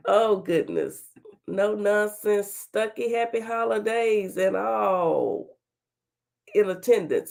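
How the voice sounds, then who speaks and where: A woman's voice: medium pitch, lively intonation, slow pace, gravelly, a little mellow. A woman hosting a casual livestream talk show, chatty and folksy, greeting viewers by name while her voice is still a little off from being sick. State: recovering from illness, voice slightly off.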